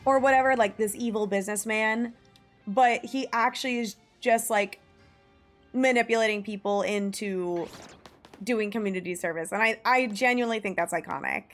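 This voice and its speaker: A young American woman streaming a game, chatting in a rambling, enthusiastic way full of "like" fillers and the odd swear word. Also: fairly high pitch. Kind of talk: casual chat while gaming. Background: faint game music.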